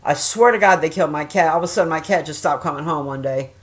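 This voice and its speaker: A middle-aged woman chatting casually and telling stories, swearing often and jumping loud when she acts out quoted voices. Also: low-pitched, fast talker. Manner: profane, animated, acts out quoted voices loudly. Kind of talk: casual storytelling chat.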